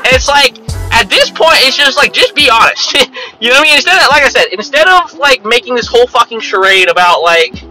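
A man's voice: very high voice, expressive, a little fast, sharp tone, faint music behind, poor audio. A young man ranting casually and rambling, with lots of swearing and "you know what I mean" as he talks. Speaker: vlogger. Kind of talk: casual rant to camera.

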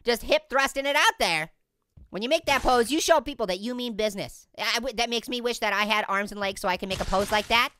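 A performer voicing a hyperactive, wisecracking cartoon orange, joking and punning through game commentary. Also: pushed and bright. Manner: goofy, punning, giggly, high-energy. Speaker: gaming let's-play host. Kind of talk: let's play game commentary.

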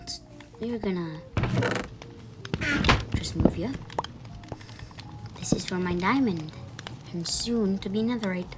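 A woman's voice: medium pitch, slow pace, pauses often. A woman streamer chatting casually to herself as she plays, sometimes singing and muttering under her breath. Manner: chatty, sings and mutters to herself while playing. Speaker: gameplay streamer. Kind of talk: casual let's-play commentary. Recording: background music under the voice.

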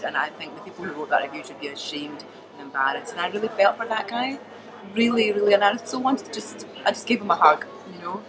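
Scottish woman comic, animated and emphatic, slightly low voice, busy crowd in the background. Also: low-quality recording. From Scotland. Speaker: comedian. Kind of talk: casual interview chat.

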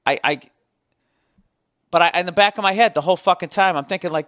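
American podcast host, forties, profane self-mocking storyteller, slightly high voice. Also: male voice, fairly quick, a bit bright, no room sound, clean studio sound. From United States. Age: 40s. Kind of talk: casual storytelling monologue.

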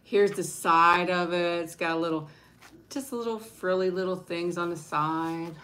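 A woman hosting a casual live stream, chatting warmly and gushing, thanking viewers one by one. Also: fairly low pitch, steady tone, a little slow. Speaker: livestream host showing handmade junk journals.

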